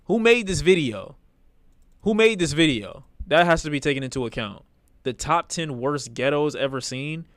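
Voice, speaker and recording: A man's voice: a little high, animated, normal speed, fairly bright tone, no room sound. A man streaming live, reacting to videos with blunt, profane, rambling commentary in a casual way.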